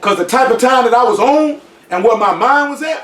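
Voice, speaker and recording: A man's voice: extremely high pitch, expressive, moderate pace, a crowd in the background. A man talking in a casual group discussion, emphatic and insistent, often asking whether he is understood. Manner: emphatic, repeats "you know what I'm saying". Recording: echoey room, voice from a distance.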